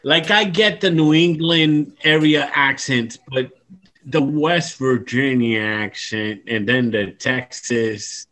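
A man's voice: mid-range voice, takes it slowly, a bit bright. A man from Florida chatting on a podcast, joking and asking stumbling questions. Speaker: podcast co-host. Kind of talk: casual chat.

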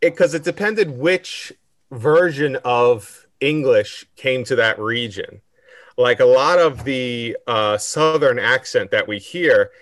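American man, podcast co-host, explains history loosely, mid-pitched, dry close sound. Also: fairly bright tone, no room sound. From United States. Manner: lecturing with fillers and restarts. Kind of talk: casual chat.

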